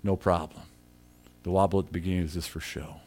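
A man preaching a sermon as a story, chatty and repetitive, breaking into loud acted shouts. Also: low voice, quick pace. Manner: animated storyteller who shouts quoted lines; conversational, repeats himself.

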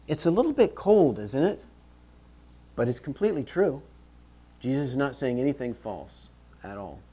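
A man's voice: mid-range voice, husky. Conversational man preaching a sermon. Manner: conversational, animated, repeats phrases for emphasis; moves around while preaching. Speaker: pastor.

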